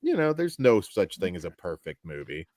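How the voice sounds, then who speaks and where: A man's voice: sits low, very animated, normal speed, darkish tone, no room sound, studio quality. A man hosting a horror podcast, easygoing, steering the casual conversation. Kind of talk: casual chat.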